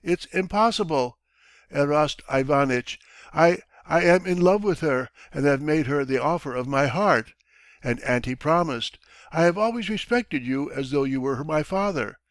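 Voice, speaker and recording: A man's voice: fairly high pitch, normal speed, dry recording, pitched above the performer's own voice, lightly acted. A man reading an audiobook, voicing a timid young barber who stammers and pleads. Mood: pleading. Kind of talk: audiobook character voice.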